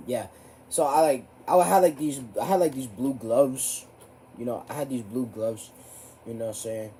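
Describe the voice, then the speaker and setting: A teenage boy telling a story to camera in a rambling, profane way. His voice jumps high when he gets riled up. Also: normal speed, warm tone, slight background noise. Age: teens. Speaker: vlogger.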